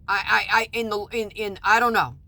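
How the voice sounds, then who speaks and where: A woman giving personal testimony about a custody hearing, halting and restarting often, rising to indignation and dropping to quiet apology. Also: medium pitch, fairly even intonation, gravelly. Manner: halting, with many restarts and stammered repeats; swings between loud indignation and quiet apology. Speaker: mother recounting a custody case.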